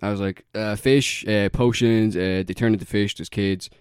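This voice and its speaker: A man's voice: fairly low pitch, steady tone, normal speed, clean tone, dry recording, clean studio sound. A young man chatting casually as a podcast co-host, rambling through a story with lots of fillers and laughter. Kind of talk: casual chat.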